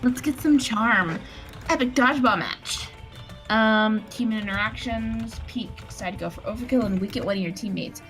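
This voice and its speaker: A woman's voice: fairly high pitch, normal speed, a bit bright, soft background music. A tipsy woman reading game text aloud in a giggly, playful way during a casual let's play.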